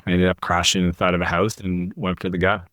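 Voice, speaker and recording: A middle-aged man with a very low, deep voice tells his story in an interview, earnest and confessional. The recording is dry and close, with no room sound. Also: flat delivery, quick pace, fairly bright tone, no echo. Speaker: podcast guest, entrepreneur.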